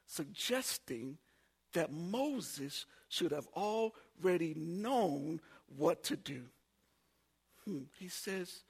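A man in his forties preaching a sermon, telling funny personal stories and building up to shouts. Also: sits high, animated, slow, breathy edge. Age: 40s. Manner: humorous storytelling, builds to shouting. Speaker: pastor.

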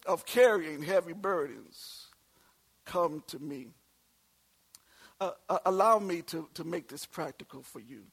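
High-voiced preaching man in his forties. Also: breathy edge. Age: 40s. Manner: call-and-response preaching, swings from soft asides to shouts. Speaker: pastor. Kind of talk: sermon.

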